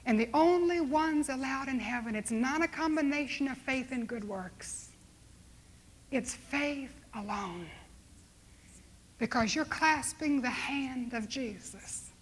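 A woman preaching a sermon, telling a story dramatically and slowing to soft, hushed appeals. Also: high voice, animated, slight background noise.

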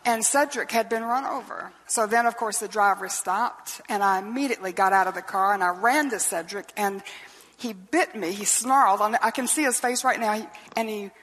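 A woman's voice: mid-range voice, moderate pace, a bit bright. An older woman, a Bible teacher preaching a sermon in an earnest storytelling way, often asking rhetorical questions. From Southeastern US. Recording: long hall reverb.

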